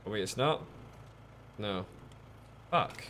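A man giving casual, lively commentary while streaming a game, chatting with viewers and swearing often. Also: fairly low pitch, takes it slowly, a little hiss or hum.

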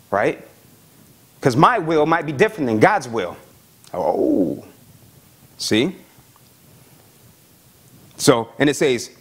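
A man's voice: a little high, husky. A man preaching a sermon as pastor, reading scripture and often asking the congregation "amen?" and "right?". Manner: animated preaching, frequent "amen?" and "right?" checks.

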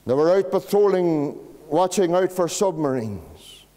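Pastor preaching in a church. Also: male voice, on the high side, lively intonation. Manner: dramatic pauses, sinking to a hush on key words. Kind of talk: sermon. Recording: long church reverb.

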